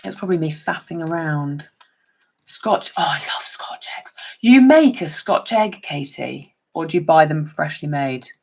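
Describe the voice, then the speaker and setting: A woman with a low, creaky voice demonstrates papercraft on a live stream. She's chatty, addressing her viewers by name while she works.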